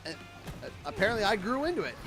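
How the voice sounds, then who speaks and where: Man, livestream chat, high voice, animated storytelling, quiet music underneath. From Canada. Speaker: streamer. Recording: faint music behind.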